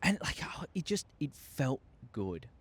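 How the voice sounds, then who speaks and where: A young man telling a story to his viewers, excitable and acting out scenes with sound effects. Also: mid-range voice, measured pace, husky. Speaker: YouTuber. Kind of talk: casual storytelling monologue.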